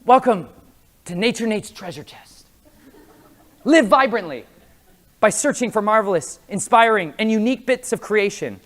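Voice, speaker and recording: A man preaches to a conference crowd with a lively, swooping pitch, jumping between quiet asides and loud, punchy lines. He tells stories and acts out the people he meets, laughing as he goes. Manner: animated, acts out voices of people at his table, laughs often. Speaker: conference speaker. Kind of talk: lively sermon with storytelling. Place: conference hall before an audience.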